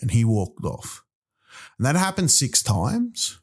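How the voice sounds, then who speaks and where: A man's voice: mid-range voice, slow pace, breathy edge. Ranting, exasperated man. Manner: exasperated, profane, animated rants. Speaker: comedian podcast host. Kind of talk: rambling comic monologue.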